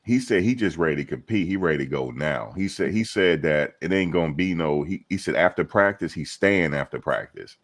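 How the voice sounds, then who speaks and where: A man hosting a casual sports chat on a video call, halting with frequent fillers. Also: deep voice, lively intonation, no room sound, clean studio sound. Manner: halting, lots of "um" and restarts. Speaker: host.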